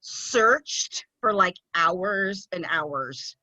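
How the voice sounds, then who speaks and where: A woman from the United States co-hosting a casual podcast, animated and excitable. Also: lowish voice, very slow, no echo. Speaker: podcast co-host. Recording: dull, dry close-mic sound.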